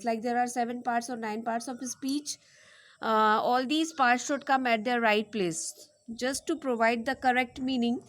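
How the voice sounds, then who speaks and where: A woman giving a slow classroom lecture, reading out example sentences and repeating words one at a time as she dictates them. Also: fairly high pitch.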